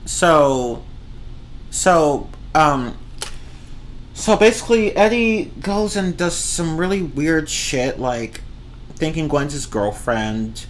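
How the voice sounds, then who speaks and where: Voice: mid-range voice, animated, slow pace, slight background noise. A streamer ranting casually about movies, rambling and swearing, often breaking into laughter. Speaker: streamer reviewing films. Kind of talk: casual rant.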